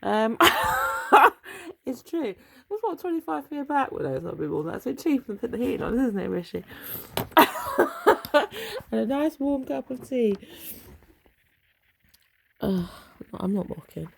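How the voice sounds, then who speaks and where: A woman's voice: a little high, sing-song, brisk, gravelly, mellow, slight background noise, rough recording. A middle-aged woman chatting in a rambling, wry way at home, swearing freely. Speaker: vlogger. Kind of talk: rambling casual monologue. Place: home bedroom.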